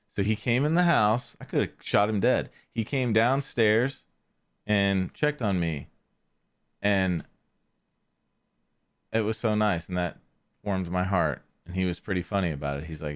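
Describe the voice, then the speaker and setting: Low-voiced man rambling through a story. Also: normal speed. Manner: rambling, with frequent fillers and restarts. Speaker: podcast host. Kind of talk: casual solo storytelling.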